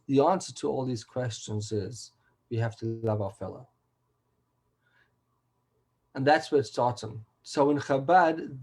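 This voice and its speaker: A man's voice: fairly high pitch, darkish tone, rough recording. A man, a rabbi, giving a weekly Torah class over a video call, earnest and emphatic and sprinkling in Hebrew terms.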